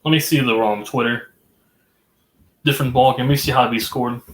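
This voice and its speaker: Excitable man in casual sports chat. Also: medium pitch, brisk, reverberant. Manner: excitable play-by-play reactions. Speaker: co-host watching baseball. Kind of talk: casual live-watch chat.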